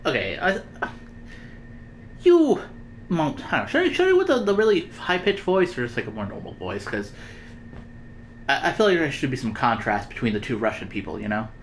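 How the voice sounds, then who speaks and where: A woman's voice: a bass voice, big pitch swings, a little fast, pauses often, slight background noise. A woman reading game dialogue and commenting casually, self-mocking and hesitant. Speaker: gaming streamer.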